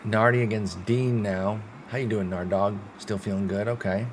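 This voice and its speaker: A young man commentating his own baseball sim game like a play-by-play announcer, swinging between sulky frustration and loud excited outbursts, with some swearing. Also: on the low side, normal speed, slight background noise. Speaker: gaming streamer.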